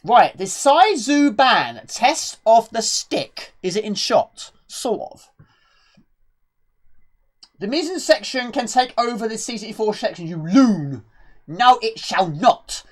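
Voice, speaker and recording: A woman's voice: fairly high pitch, big pitch swings, slow. A woman streaming retro games live, chatting with viewers and reading game text aloud.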